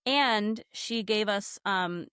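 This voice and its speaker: Casual woman guest telling a spirit story, lots of "like", mid pitch, dry sound. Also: slow pace, clean tone, dry recording. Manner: animated, acts out quotes, many "like" fillers. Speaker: podcast guest, medium.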